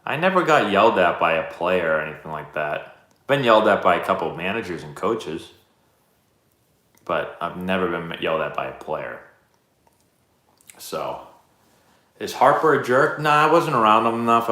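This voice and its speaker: A man in his thirties hosting a live stream, answering chat questions in a relaxed, rambling, self-deprecating way. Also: deep voice, normal speed, long pauses. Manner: laid-back, rambling, self-deprecating storyteller. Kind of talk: casual chat. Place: indoor room, live stream. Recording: roomy echo.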